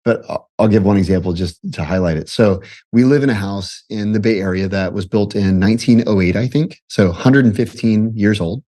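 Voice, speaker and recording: A man in his forties, a podcast guest, telling casual stories in an animated way, often breaking off and laughing. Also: fairly low pitch, fairly quick, hardly any pauses. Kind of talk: casual storytelling.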